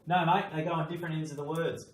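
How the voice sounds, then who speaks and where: A man's voice: a little high, flat delivery, fast talker, slight background noise. An Australian man teaching a small-group reading lesson, patient and encouraging, calling his students "mate" as he walks them through spelling rules. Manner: encouraging, patient, matey coaching. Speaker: literacy teacher. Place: classroom. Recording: roomy classroom echo.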